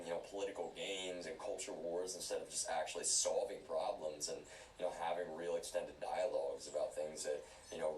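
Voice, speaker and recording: A man's voice: low-pitched, a little mellow, far from the mic. A man livestreaming, talking at length in an earnest, insistent way, often repeating himself and restarting his sentences. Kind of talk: rambling livestream talk. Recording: roomy, off-mic, faint hiss.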